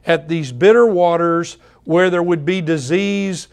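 Preaching a sermon to his flock, this male pastor moves at a slow, deliberate pace. His voice is a bit higher than most men's, and he repeats phrases again and again for emphasis.

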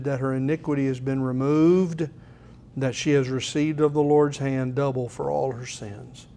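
Middle-aged pastor, man, folksy and earnest, somewhat high-pitched. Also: a little mellow. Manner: folksy, earnest, clears throat often. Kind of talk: sermon.

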